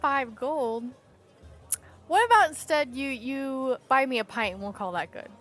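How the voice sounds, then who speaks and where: A woman's voice: sits high, lively intonation, unhurried, a bit bright, soft background music. A woman voicing a brash, cocky female half-orc barbarian who taunts dwarves. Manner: taunting, swaggering.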